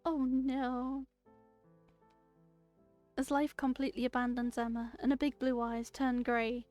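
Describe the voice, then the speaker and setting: Animated streamer woman reading a spooky story. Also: high-pitched, measured pace, pauses often, faint music behind. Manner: animated, joking, bursts into loud outbursts and laughter. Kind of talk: reading a story game aloud with reactions.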